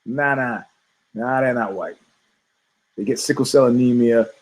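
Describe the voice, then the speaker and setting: A middle-aged man, a podcast co-host, talking casually and with strong opinions, telling animated stories and acting out the people he quotes. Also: mid-range voice, unhurried, poor audio. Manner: animated storytelling, acts out quoted voices, frequent laughs.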